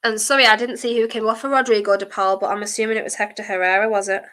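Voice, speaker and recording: A woman streaming a football watchalong, chatting her opinions and breaking into shouts at fouls. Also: medium pitch, steady tone, rapid-fire. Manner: passionate, blunt, chatty opinions. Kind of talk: live match commentary and fan chat.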